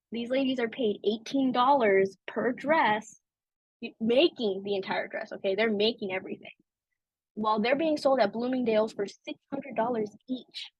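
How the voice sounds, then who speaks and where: A young woman with a slightly high voice chats casually about a film on her podcast, dropping "like" and "you know" as she goes. The recording sounds dry and a bit dull, with no room echo. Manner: chatty, lots of "like" and "you know". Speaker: podcast host.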